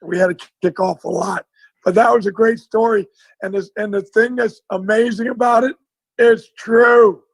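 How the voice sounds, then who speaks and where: A man, a former football coach, telling a lively story in a casual interview and acting out the dialogue. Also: high voice, moderate pace, creaky, no echo, rough recording. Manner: animated storyteller, acts out dialogue.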